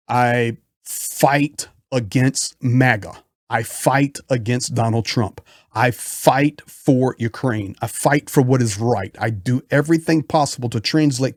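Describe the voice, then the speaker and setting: A man's voice: medium pitch, dry recording, studio quality. A man giving impassioned political commentary in a frustrated, emphatic way.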